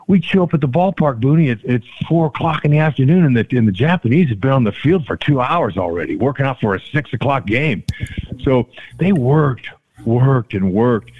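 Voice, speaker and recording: An older man, a former ballplayer, telling stories as a podcast guest, acting out the quotes with big jumps in his voice. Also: medium pitch. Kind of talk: storytelling in a casual interview. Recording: tinny phone-like line.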